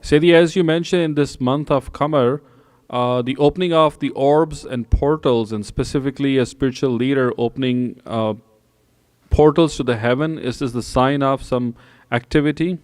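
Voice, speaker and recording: A man's voice: mid-range voice, normal speed, a little mellow, no echo. A man politely putting a question to his teacher during a live session. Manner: polite, formal greeting before asking.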